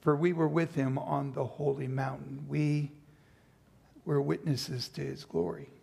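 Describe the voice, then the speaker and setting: A man's voice: medium pitch, flat delivery, slow, vocal fry, warm tone, slightly rough. A man preaching a sermon, reading scripture and then retelling the story with playful acted-out asides. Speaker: pastor.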